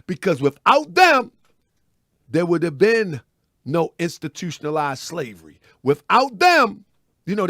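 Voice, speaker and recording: On a live online commentary show, a male host preaches repetitively, calling his viewers family and constantly asking "you know what I mean?" to check they follow him. His voice sits high with a fairly bright tone, and the dry recording has a clean studio sound.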